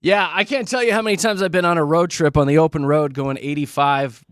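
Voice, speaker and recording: A man's voice: on the high side, fairly even intonation, a little fast, fairly bright tone, smooth, no echo. A middle-aged man hosting a morning radio show, playful and teasing, laughing often in studio banter. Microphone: studio mic.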